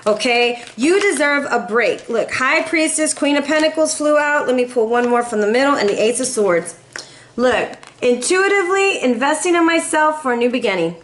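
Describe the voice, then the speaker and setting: A woman's voice: a little high, a bit bright. A woman giving a casual tarot reading, chatty and playful, swearing casually and acting out voices in quotes. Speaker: tarot reader.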